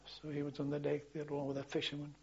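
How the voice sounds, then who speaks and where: An older man telling wartime memories as a former policeman, in a halting, rambling way full of restarts and chuckles. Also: fairly high pitch, completely flat delivery, gravelly, a little mellow, husky, lo-fi sound. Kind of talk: oral history storytelling.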